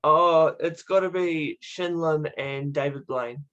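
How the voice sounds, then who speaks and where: A man's voice: a little high, slow, fairly bright tone, lo-fi sound. A man hosting a casual interview, upbeat, asking short questions and laughing. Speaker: podcast host.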